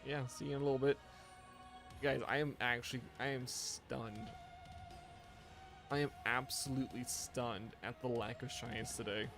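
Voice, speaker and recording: A man's voice: medium pitch, steady tone, moderate pace, pauses often, over music. A tired man streaming a game live, chatting loosely with viewers and often restarting his sentences. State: tired, yawning. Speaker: gaming streamer. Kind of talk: casual live-stream chat.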